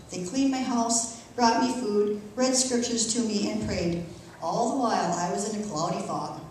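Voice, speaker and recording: A middle-aged woman earnestly reading her personal testimony aloud in a church, emotional but measured. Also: mid-range voice, darkish tone, a little hiss or hum. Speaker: church member giving testimony. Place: church sanctuary. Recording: echoey church from far off.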